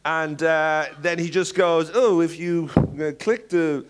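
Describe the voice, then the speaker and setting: A man's voice: a little high, slow pace, smooth. A man giving a seminar talk, telling stories playfully with acted-out voices and laughing asides. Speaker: seminar speaker.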